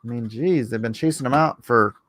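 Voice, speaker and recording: A man's voice: mid-range voice, a little fast, fairly bright tone, dry recording. A man hosting a livestream in a casual, rambling, jokey way, reading chat comments aloud and answering them. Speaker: livestream host.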